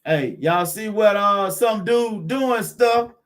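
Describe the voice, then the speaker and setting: A man's voice: high voice, takes it slowly. A man hosting a car channel live stream, chatting with viewers in a laid-back, encouraging way and greeting them by name.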